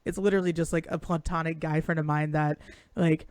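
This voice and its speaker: Blunt, low-voiced young woman on a call. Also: steady tone, fairly quick, a little mellow, no room sound. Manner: blunt, profane, rambling storyteller. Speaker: co-host. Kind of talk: casual live-stream chat. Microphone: video call.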